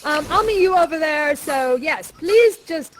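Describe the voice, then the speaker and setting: A young woman guiding players through interactive live theater, playful and theatrical, coaching them with a steady stream of "that's right.". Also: high-pitched, measured pace, background noise.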